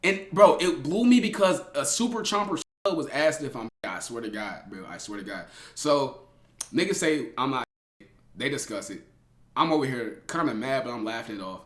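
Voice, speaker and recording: A young man telling a story to his live chat in a casual, slangy way, laughing often and swinging between loud and hushed. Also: medium pitch, expressive, normal speed. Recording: roomy echo.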